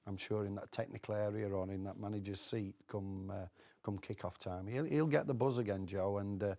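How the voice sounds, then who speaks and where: A man's voice: fairly low pitch, steady tone, a little fast, warm tone. A man giving hesitant, casual opinions on an upcoming match as a studio guest. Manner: hesitant, many "uh"s and restarts. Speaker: studio pundit. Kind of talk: casual football chat.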